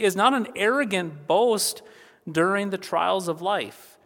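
Delivering a funeral sermon, a male pastor speaks earnestly and steadily, circling back to key phrases again and again for emphasis. His voice sits high, moves a little slowly, and carries a big-room sound.

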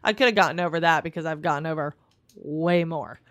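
A woman telling a long personal story in casual podcast chat, profane and animated, full of likes. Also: low-pitched, a little fast, no room sound, studio quality.

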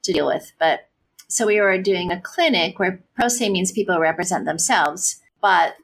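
A woman's voice: on the low side, animated, moderate pace, creaky, a bit bright, slight background noise. A woman pastor answering interview questions, speaking earnestly and with passion, often adding "you know" and "right?".

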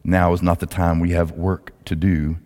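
A man voicing a calm, steady male teacher who speaks in a measured, low tone. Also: close to an everyday voice. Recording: long hall reverb.

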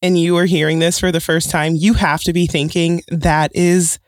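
A woman's voice: lowish voice, little pitch movement, normal speed, no room sound, studio quality. A young woman co-hosting a comedy podcast, blunt and teasing with a sardonic edge. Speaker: podcast co-host. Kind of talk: casual comedic chat.

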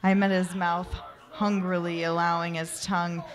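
Soft-reading woman narrator. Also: lowish voice, level tone. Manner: soft, unhurried reading with occasional laughs at slips. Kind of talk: amateur erotic story reading.

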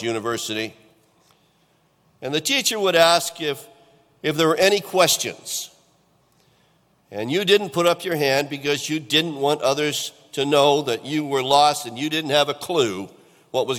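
A middle-aged man preaches a sermon at a relaxed, conversational pace and keeps tossing questions out to the congregation. His voice sits at an ordinary male pitch. It rings with the long reverb of a church hall. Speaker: pastor.

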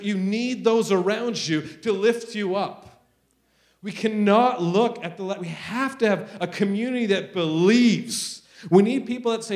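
A middle-aged man preaching a sermon, intense and earnest, moving between quiet confessions and loud declarations. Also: high voice. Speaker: pastor.

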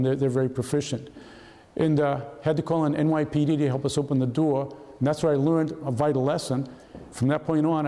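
The guest speaker, a retired FBI agent in his seventies, has a medium-pitched voice that carries the sound of a big room at a historical society hall. His anecdotal talk is lively, with quoted voices performed in character.

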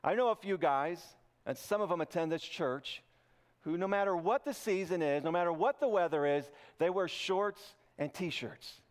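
A male pastor giving a sermon in a relaxed, conversational way, mixing scripture reading with light jokes. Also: sits high, moderate pace. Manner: joking, conversational preaching. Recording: podcast intro over loud guitar music.

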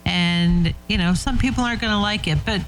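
High-voiced man, hesitant and reassuring. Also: fairly quick, a bit bright, a little hiss or hum, low-quality recording. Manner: hesitant, reassuring, many fillers. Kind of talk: casual chat.

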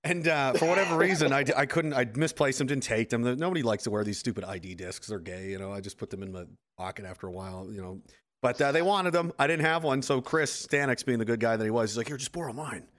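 A man in his thirties telling old army stories in casual chat, profane and animated, acting out what people said. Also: medium pitch, quick pace. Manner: profane, animated storyteller, acts out quotes. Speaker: podcast host, military veteran.

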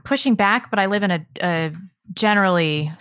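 A woman's voice: medium pitch, lively intonation, moderate pace, fairly bright tone, clear, resonant tone, no room sound. Flippant, dry-sounding female co-host. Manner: blunt, flippant remarks. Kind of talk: casual call-in chat.

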